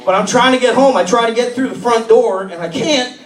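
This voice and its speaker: A man from Massachusetts tells rambling, raunchy stand-up stories in a fairly high voice. He sounds distant in an echoey comedy club. Waves of audience laughter run beneath him. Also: brisk, very noisy.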